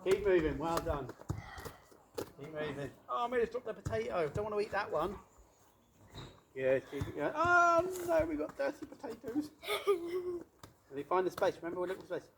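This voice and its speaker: Upbeat PE coach instructing kids. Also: male voice, high voice, expressive, a little fast, pauses often, a little hiss or hum. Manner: encouraging, instructive, playful. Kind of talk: coaching children in a game. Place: outdoor pitch with cones.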